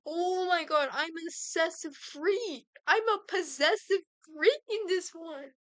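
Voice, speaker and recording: A woman vlogger with a high voice chats casually in reaction to a game. She gets excitable, shrieks and swears, and her sound is close and dry. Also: a little slow, few pauses, dry recording.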